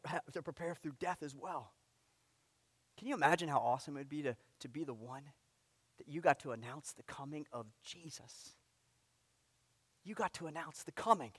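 A man's voice: a little high, fairly bright tone, slightly rough, no echo, big-room sound. A male pastor preaching a sermon with emphasis, coming back again and again to a refrain. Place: church sanctuary.

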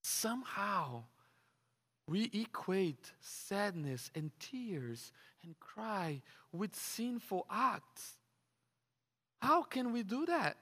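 High, bright-voiced male preacher in a reverberant hall. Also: sing-song, drawn-out words. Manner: rhetorical questions, frequent word repeats. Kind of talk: sermon.

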